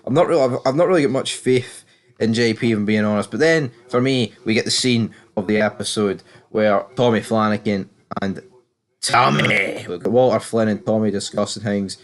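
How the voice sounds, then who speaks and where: A man's voice: lowish voice, normal speed. Sweary British man recapping a show. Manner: rambling, sweary, opinionated. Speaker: TV series reviewer. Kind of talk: casual episode recap commentary.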